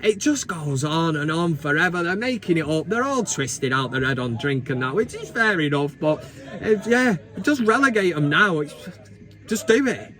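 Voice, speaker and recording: A man's voice: on the high side, sing-song, moderate pace, sharp tone. A man in his thirties hosting a football vlog, giving blunt, sweary and mocking commentary in a casual chat.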